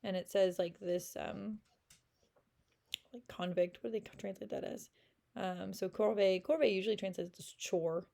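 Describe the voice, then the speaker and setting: A woman reads a French novel aloud as a casual lesson and retells each passage in a chatty, filler-heavy way. Her voice is gravelly with a mellow, warm tone. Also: medium pitch, fairly even intonation, moderate pace. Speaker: French teacher.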